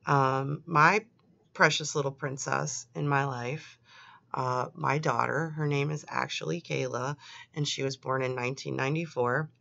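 A woman's voice: rumbling low, steady tone, unhurried, gravelly, fairly bright tone, dry recording. A young woman reading chat logs aloud and adding sarcastic, disgusted comments. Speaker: commentary host. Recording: dry, slightly dull lo-fi home recording.

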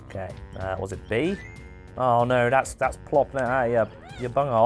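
A man hosting a live speedrun stream, chatty and excitable, with frequent exclamations and cheers. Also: medium pitch, a little fast, faint music behind. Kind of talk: live gameplay commentary.

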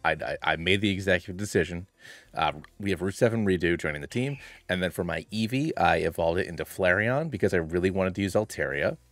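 A man's voice: low voice, fast talker, no echo. A man streaming a video game, chatting playfully and greeting his chat by name. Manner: hushed and quiet at first.

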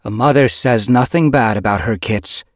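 A man voicing a gentle wise spirit she-cat. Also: mid-range voice, moderate pace, dry recording, clean studio sound, pitched above the performer's own voice, close to an everyday voice. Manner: soft, grave, sympathetic. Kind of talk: audiobook character voice.

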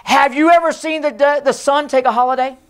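A pastor giving an emphatic sermon in a church, sometimes hushed and sometimes shouting, and calling on the congregation to repeat his words. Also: extremely high pitch, steady tone, fairly quick. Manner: leads the congregation in call and response. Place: church sanctuary.

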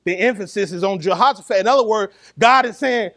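A man preaching a sermon, animated and lively, laughing and calling the congregation to answer back. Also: sits high, brisk, few pauses.

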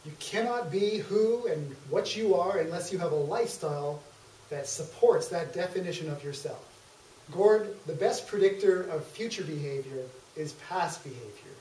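Man playing high-pitched folksy TV shrink, preachy, echoey hall from far off. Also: moderate pace, mellow, a little hiss or hum, close to an everyday voice. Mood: coaching. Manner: lecturing in homespun sayings. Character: folksy TV psychologist host, a man, blunt and preachy. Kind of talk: amateur stage comedy skit.

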